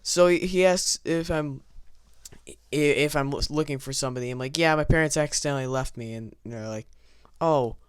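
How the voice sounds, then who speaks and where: A young vlogger tells a rambling, self-mocking childhood story over gameplay footage, stammering and restarting often in a casual way. His voice is fairly high and a little fast with a clean tone. The recording is studio quality with no room sound.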